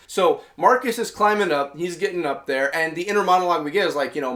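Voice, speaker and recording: A man's voice: a little high, fast talker, few pauses, a bit bright. A man hosting a casual comic review, rambling through the story with lots of filler and quoted lines. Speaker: host.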